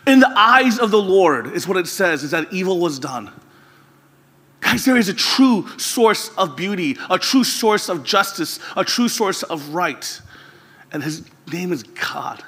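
Male pastor, sermon delivery, earnest with exasperated bursts, higher husky tone. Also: big pitch swings, unhurried, pushed and bright, long reverb tail. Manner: earnest, rising to exasperated outbursts.

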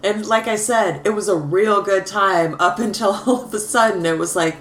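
A woman's voice: mid-range voice, normal speed. A young woman co-hosting a podcast in casual chat over drinks, chiming in, cursing and laughing along. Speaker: podcast co-host. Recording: noisy hissy recording.

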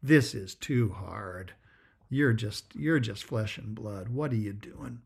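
A man voicing a nagging inner voice of discouragement, weary, dismissive and hushed. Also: fairly low pitch, slow, vocal fry, husky, voice pushed down, heavily acted.

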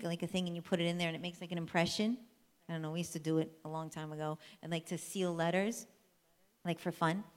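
A woman telling a Bible story as a sermon, lively and conversational, drawing the listeners in. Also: fairly low pitch. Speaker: church speaker. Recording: long reverb of a large hall.

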